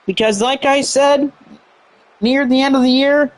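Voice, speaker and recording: A man's voice: extremely high pitch, steady tone, a little slow. A man doing rambling play-by-play commentary on a wrestling show, heavy on fillers.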